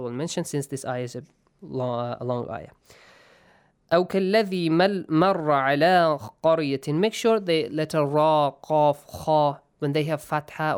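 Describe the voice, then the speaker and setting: A man's voice: on the high side, a little mellow, clear, resonant tone. A man teaching tajweed rules in an online Quran lesson, patiently quizzing his students.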